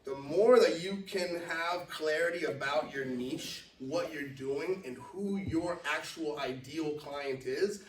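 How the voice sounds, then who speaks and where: A man running a live business presentation, talking casually and checking in with his listeners at every turn. His voice sits a little high. He is picked up from far off in an echoey room with faint background hum. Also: takes it slowly, few pauses. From Los Angeles. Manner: conversational, keeps checking in with "right?". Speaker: company CEO presenting to a business network. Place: meeting room. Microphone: far from the mic.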